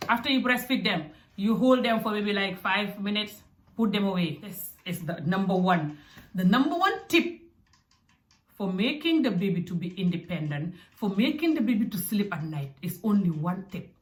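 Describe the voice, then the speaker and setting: Animated woman with a roomy echo. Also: mid-range voice, normal speed. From Africa. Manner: animated and direct, with acted asides. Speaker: parenting vlogger. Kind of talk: casual advice talk. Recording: echoey room.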